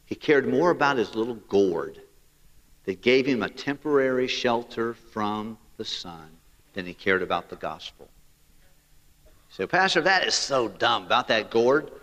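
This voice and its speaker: A man's voice: mid-range voice, expressive, measured pace, fairly bright tone, big-room sound. A man preaching a sermon as pastor, with emphatic rising delivery and direct appeals to the listeners.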